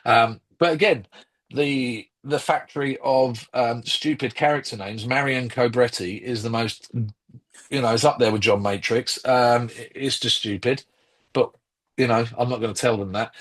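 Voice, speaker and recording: Husky-voiced man rambling through a film review. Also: medium pitch, steady tone, normal speed. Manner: rambling, lots of ums and restarts. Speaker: podcast co-host. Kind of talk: casual film review chat.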